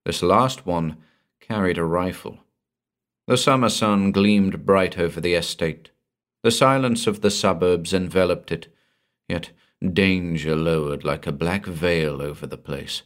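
A man's voice: low voice, a little slow. A man narrating a pulp crime story aloud in a tense, dramatic reading.

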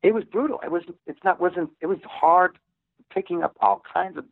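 A man's voice: high-pitched, moderate pace, gravelly, dry recording. Musician guy rambling thru old stories, lots of restarts, sounds like a phone call. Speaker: musician guest. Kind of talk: casual interview storytelling. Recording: tinny phone line.

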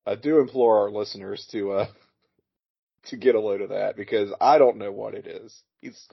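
Gravelly, husky man joking dryly. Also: on the low side, moderate pace. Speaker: podcast guest. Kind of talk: casual live-watch chat. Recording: dull lo-fi sound.

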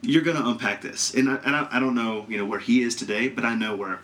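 A man hosting and moderating a casual group discussion, animated and blunt, swearing freely. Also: medium pitch, fast talker. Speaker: podcast host and moderator.

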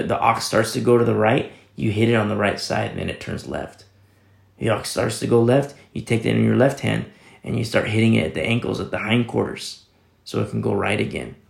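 A man's voice: fairly low pitch, a little fast, creaky, reverberant. A man pastor giving a conversational Bible teaching sermon, rambling with many restarts and sudden emphatic rises.

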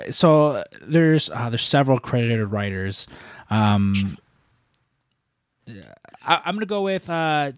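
A young man hosting a podcast, telling stories in a rambling, profane, animated way. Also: mid-range voice, no echo, studio quality. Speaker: podcast host. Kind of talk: casual chat.

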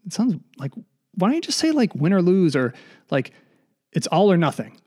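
A man's voice: sits high, very animated, normal speed, a little mellow, breathy edge. A man hosting a solo comedy podcast, rambling and self-deprecating, slightly out of breath. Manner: self-deprecating, digressive, mock voices. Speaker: podcast host. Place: basement room.

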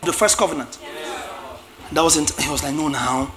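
A man preaching a lively sermon, acting out biblical characters with shouts and laughs. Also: a little high, moderate pace.

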